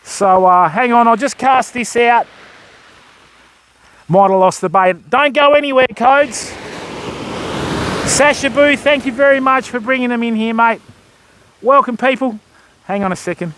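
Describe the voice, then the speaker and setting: High-voiced older Australian fisherman streaming. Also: measured pace, pauses often, fairly bright tone. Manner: chatty, thanks viewers while fishing. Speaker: fishing livestreamer. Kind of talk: live fishing stream chat. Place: outdoors on a beach by the surf. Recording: faint surf noise outdoors. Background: waves and surf.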